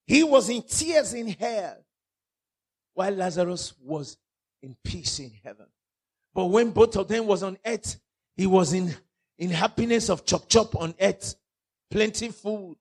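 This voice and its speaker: A Nigerian man preaching a fiery sermon with a high-pitched voice. A gravelly rasp runs under his words. He mixes in pidgin and swings between loud outbursts and hushed warnings. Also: unhurried.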